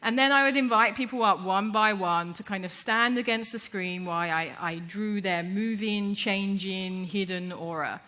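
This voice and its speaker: A woman artist talks to a conference audience in a loose, chatty way, stumbling through restarts and fillers and acting out little quotes along the way. Her voice sounds bright and lively, and her pitch sits in the middle range. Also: moderate pace, few pauses. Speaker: artist giving a conference talk. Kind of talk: casual storytelling talk. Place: conference stage before an audience.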